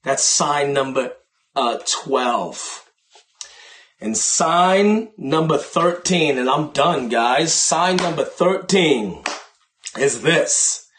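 Preacher, male, fairly high voice, casual and animated delivery, slows down hard for emphasis. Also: a little hiss or hum. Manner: animated, conversational preaching with sudden slowdowns for emphasis. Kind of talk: sermon.

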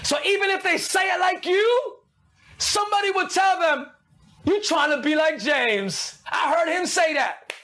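A man preaching an energetic sermon, excitable, often shouting and laughing, calling his listeners "baby". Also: very high voice, unhurried.

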